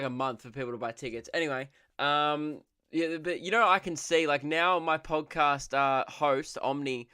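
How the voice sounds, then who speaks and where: A man's voice: medium pitch, bright, forceful tone, smooth, no echo, clean studio sound. A young man hosting his own comedy podcast, rambling and sarcastic, often laughing at his own jokes.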